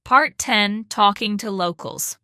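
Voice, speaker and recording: A woman hosting a podcast, reading a slow English lesson in short, careful sentences. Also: medium pitch, sharp tone, clear, resonant tone, dry recording, clean studio sound. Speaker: podcast host and English teacher.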